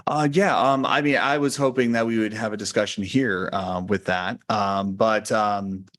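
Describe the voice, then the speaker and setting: A man presides over a board work session, moving through items in a hesitant, procedural manner. His voice sits a bit low. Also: fairly even intonation, moderate pace, a bit bright. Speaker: board meeting chair. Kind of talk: public meeting discussion. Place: board meeting room.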